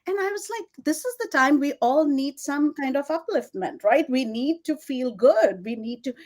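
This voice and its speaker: A middle-aged woman from India with an Indian English accent, telling her story in an interview, animated and laughing often, with many fillers. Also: sits high, normal speed. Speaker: guest, fashion designer.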